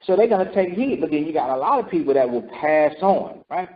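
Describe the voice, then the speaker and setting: A man's voice: fairly high pitch, big pitch swings, fairly quick. A man teaching scripture in a sermon, repeating himself and asking "right?" and "okay?" as he goes. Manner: repetitive, calls for responses with "right?" and "okay?". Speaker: teacher leading scripture study. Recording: dull lo-fi recording.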